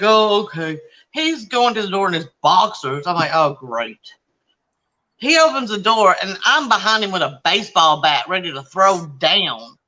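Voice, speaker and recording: A woman's voice: mid-range voice, low-quality recording. A woman hosting a casual chat, animatedly telling stories and acting out what people said. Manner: animated storyteller acting out quoted voices. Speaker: channel host.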